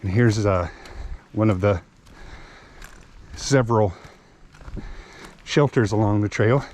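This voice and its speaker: Slow and lowish, with a darkish tone and a little hiss or hum, this man narrates his hiking vlog on a wooded outdoor trail. Slightly winded, he chats about the trail and describes his gear plainly.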